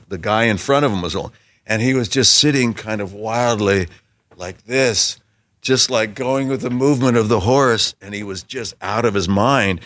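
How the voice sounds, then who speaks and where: Low-voiced man in his 60s telling an anecdote. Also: fairly bright tone, dry recording. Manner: acts out quoted voices vividly. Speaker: talk show guest.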